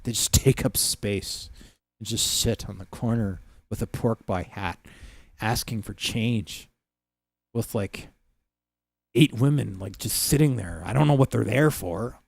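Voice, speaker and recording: A man's voice: on the low side, measured pace, gravelly, no echo. A man hosting a livestream, telling rambling, profane stories in casual chat with many fillers. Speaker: livestream host.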